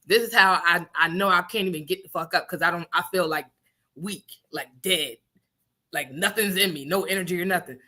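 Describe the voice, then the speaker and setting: Woman, casual storyteller, bright clear tone, animated, swearing, laughs a lot. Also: fairly low pitch, fairly quick. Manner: animated, swearing, laughs often, acts out quotes. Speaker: radio show co-host. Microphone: studio microphone.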